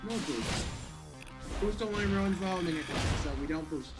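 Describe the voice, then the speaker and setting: A woman streaming a video game, frustrated, swearing and shouting at the game as she plays. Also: lowish voice, expressive, normal speed. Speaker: gaming streamer. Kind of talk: live gameplay commentary. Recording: game music playing behind.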